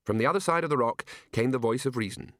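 A man narrating an audiobook in a lively, expressive storytelling manner. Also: mid-range voice, fast talker, no room sound, clean studio sound.

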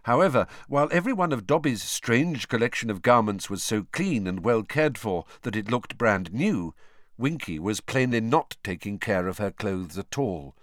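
A man reads an audiobook aloud as scripted narration, telling the story expressively. His voice sits fairly low and moves at a normal speed, recorded with studio quality and no echo.

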